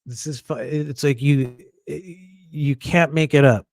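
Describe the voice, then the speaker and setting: A man telling a personal story in a casual monologue, animated, acting out quoted voices and laughing often, with many fillers and restarts. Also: fairly high pitch, takes it slowly, dry recording. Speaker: podcast host.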